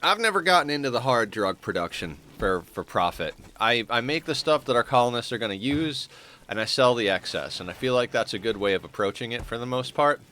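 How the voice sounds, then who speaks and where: A man streaming a colony sim comments casually on his game, thinking aloud in a rambling way with fillers. His mid-range voice is pushed and bright, with lively intonation and a fairly quick pace, though he sounds stuffed up with a morning voice; there is slight background noise.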